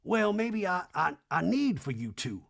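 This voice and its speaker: Man doing a strained grown daughter, earnest, measured, high, lively. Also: vocal fry, exaggerated voice. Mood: pleading.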